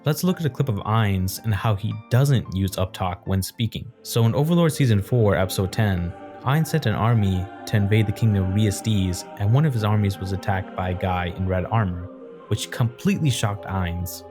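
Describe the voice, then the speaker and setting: A man calmly explaining his points in an analytical video essay. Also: on the low side, normal speed, over music.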